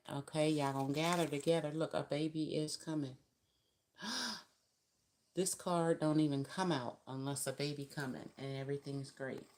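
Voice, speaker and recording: Woman, low voice, chatty live-stream tarot reader with emphatic spiritual asides. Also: darkish tone, slight background noise.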